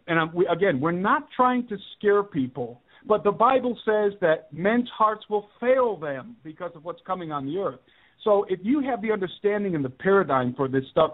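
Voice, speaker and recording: A man telling a personal story as a radio guest, earnest and emphatic, repeating his main points. His voice sits a little high for a man. It comes through a thin, tinny phone line. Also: animated, moderate pace. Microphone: telephone.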